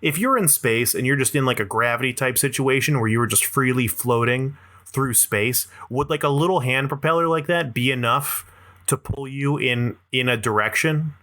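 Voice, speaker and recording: A man's voice: medium pitch, moderate pace, sharp tone. A young adult man hosting a podcast, delivering a rambling, self-deprecating comedic monologue and swearing freely. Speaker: podcast host.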